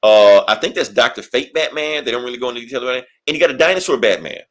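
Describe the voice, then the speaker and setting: A man's voice: medium pitch, animated, rapid-fire, a bit bright. A man co-hosting a podcast, recapping a comic in rambling, profane casual chat. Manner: rambling, profane, laughs often. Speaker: podcast co-host.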